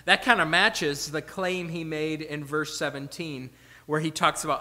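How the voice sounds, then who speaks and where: A man preaching a sermon with earnest emphasis, asking rhetorical questions and dropping to quiet asides. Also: a little high, moderate pace, big-room sound. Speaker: pastor. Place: church sanctuary.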